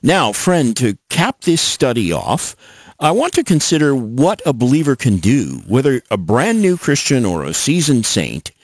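A man's voice: medium pitch, very animated, unhurried, no room sound, clean studio sound. A man announcing a Bible teaching radio program, reading a script in a conversational, friendly way.

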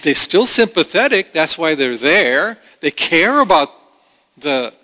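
A man preaching a sermon as pastor, earnest and conversational, with halting restarts. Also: fairly high pitch, big pitch swings, bright, forceful tone. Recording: long hall reverb.

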